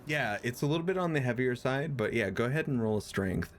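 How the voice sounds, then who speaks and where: A man's voice: medium pitch, animated, quick pace, slight background noise. A man narrating as a tabletop game master, with a hesitant manner full of fillers.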